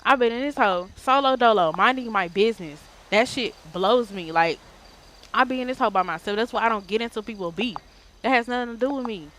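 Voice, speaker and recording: A woman streamer telling a casual story time in an animated, slangy, profane way. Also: on the high side, fairly quick.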